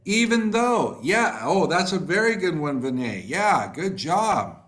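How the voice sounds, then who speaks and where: A man teaching a live online class. He reads out student answers and praises them by name, talking slowly with many fillers. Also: high-pitched, big pitch swings, fairly bright tone. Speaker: online English tutor. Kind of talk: live online class, reading chat replies.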